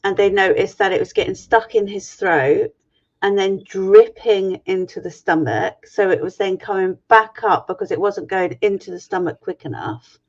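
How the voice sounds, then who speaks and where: A woman's voice: medium pitch, normal speed. Middle-aged woman ranting frank and sweary over a video call, muffled lo-fi audio. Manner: frank, sweary, exasperated retelling. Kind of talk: personal storytelling.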